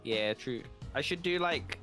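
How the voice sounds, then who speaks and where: A man chatting casually on a gaming stream, animated and swearing freely, slipping into joking voices. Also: on the high side, unhurried, faint music behind.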